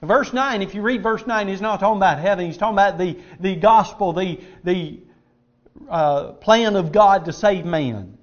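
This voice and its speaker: A man's voice: sits high, normal speed, dull audio. A man preaching a sermon in an auditorium, emphatic, repeating words for stress as he quotes scripture.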